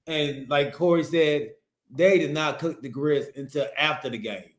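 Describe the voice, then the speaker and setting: Male co-host, relaxed chat, fairly high pitch, greets the audience mid-story. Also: measured pace. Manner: laid-back, chuckling, greets viewers mid-story. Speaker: podcast co-host.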